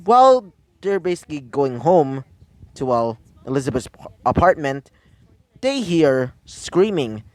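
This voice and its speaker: A man improvises a fan story, rambling and restarting with many fillers. His pitch is fairly high and swings about. Dry, close recording. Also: big pitch swings, measured pace, darkish tone, no echo.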